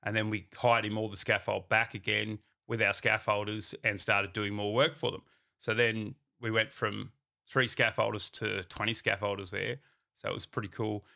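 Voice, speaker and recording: This is a man with a fairly low, gravelly voice. His tone is bright and forceful, and he tells his story as a company founder in a relaxed, chatty way. He brings his anecdotes to life by acting out what people said to him. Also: normal speed. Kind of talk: casual storytelling.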